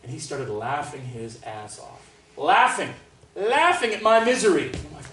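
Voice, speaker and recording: Lively man teaching a master class. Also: a little high, a little slow. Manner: animated, chatty, laughs often. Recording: roomy hall from far off, faint noise.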